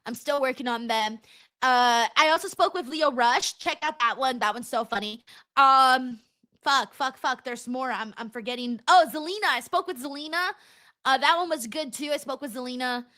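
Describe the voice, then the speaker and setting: Excitable high-voiced woman streamer. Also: normal speed. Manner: excitable, laughs often, swears freely. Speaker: livestream host. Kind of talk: casual watch-along chat, reading viewer donations.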